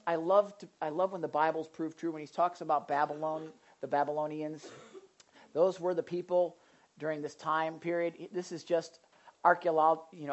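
Brief: energetic pastor mid-sermon, mid-range voice, repeats for emphasis. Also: mid-range voice, muffled recording. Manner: animated, repetitive emphasis with restarts. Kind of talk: sermon with Bible reading.

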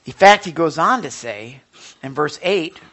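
A male pastor delivering a sermon in an animated way, swinging between loud emphasis and soft, quiet asides. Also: fairly high pitch, a little slow.

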